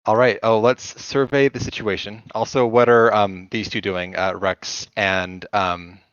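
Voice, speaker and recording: A man playing a tabletop game, talking in a measured, thoughtful way. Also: on the low side, level tone, a bit bright, clean tone, no echo. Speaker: player. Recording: dull, dry sound.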